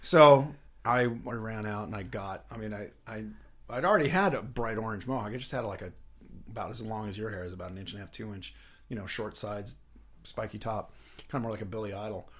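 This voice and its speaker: A middle-aged man who is a guest on an interview show, telling rambling, lively anecdotes and laughing often. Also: on the low side, brisk. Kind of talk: casual anecdotal storytelling.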